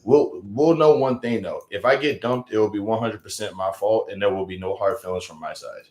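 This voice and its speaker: A man's voice: on the low side, fairly quick, darkish tone. A man chatting casually on a live stream who reads out viewers' comments and rambles with self-mocking jokes. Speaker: live streamer reading chat. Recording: echoey room.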